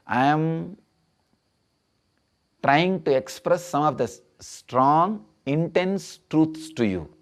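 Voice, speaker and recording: A man giving a sermon as a spiritual teacher, slow and emphatic, repeating his key phrases. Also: a little high.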